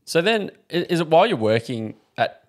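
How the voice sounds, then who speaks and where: A man's voice: fairly high pitch, big pitch swings, normal speed. A man hosting a casual interview and asking easygoing questions. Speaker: interview host.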